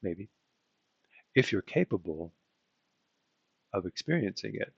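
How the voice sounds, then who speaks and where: A man teaching in a loose, rambling lecture, often checking in with "okay?" and pausing on fillers. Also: fairly low pitch, sing-song, creaky, husky, dry recording, dull audio. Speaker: occult teacher. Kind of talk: casual lecture to camera.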